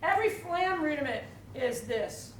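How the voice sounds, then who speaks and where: A woman leading a percussion clinic for students in a school hall, energetic, asking the room questions and demonstrating. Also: high-pitched, normal speed, loud music behind the voice. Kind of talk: teaching a drum clinic to students. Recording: echoey hall, mic at a distance, drumming behind.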